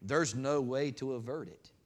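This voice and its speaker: A man pastor preaches with a voice of middle pitch. He climbs to loud, raised stretches and then drops into easy, chatty asides. He acts out dialogue in a homespun, folksy way. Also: normal speed. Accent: regional accent of his own. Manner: preaching with big swings between shouted peaks and quiet asides; acts out God's words in a folksy voice. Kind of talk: sermon.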